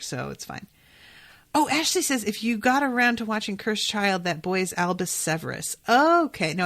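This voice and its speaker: Woman podcast host, casual and excitable, loose and sweary reaction commentary. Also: lowish voice. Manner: chatty, excitable, swears freely, many fillers.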